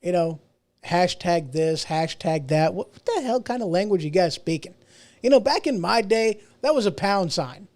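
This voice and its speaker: A man's voice: high voice, expressive, normal speed, a little mellow. A middle-aged man hosting a podcast, ranting casually on his own, rambling and restarting his sentences with self-mocking asides. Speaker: podcast host. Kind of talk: casual solo rant.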